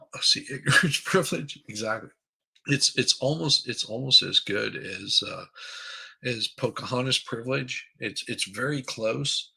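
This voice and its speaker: A man's voice: medium pitch, a little slow, gravelly, pushed and bright, husky, poor audio. A man hosting a live stream, chatting casually and crudely, rambling while he reads viewer comments aloud. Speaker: livestream host.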